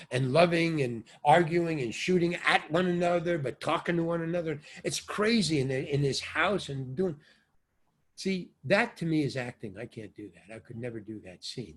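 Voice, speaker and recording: An older man, an actor and stand-up comedian, telling rambling anecdotes as an interview guest, with sudden swings between loud and soft. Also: on the high side, slightly rough. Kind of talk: casual anecdotal storytelling.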